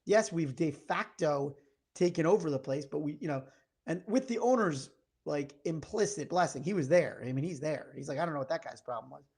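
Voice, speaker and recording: A man in his thirties co-hosting a podcast in casual chat, telling a story in a lively way and acting out the lines of the people in it. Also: fairly high pitch, brisk, slightly rough. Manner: animated storyteller acting out quoted exchanges. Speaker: podcast co-host.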